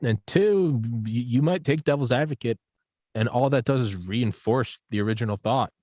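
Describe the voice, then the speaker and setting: A man's voice: mid-range voice, moderate pace, no echo. A man talking as a guest on a podcast in a casual conversation. He rambles, swears freely and acts out little examples as he goes. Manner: profane, rambling, animated with acted-out examples.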